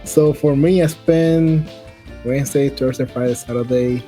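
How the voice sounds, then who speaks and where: A co-host whose first language is not English speaks haltingly and searches for words. The voice is mellow and soft-edged. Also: medium pitch, fairly even intonation, faint music behind. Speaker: podcast co-host. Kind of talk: casual interview chat.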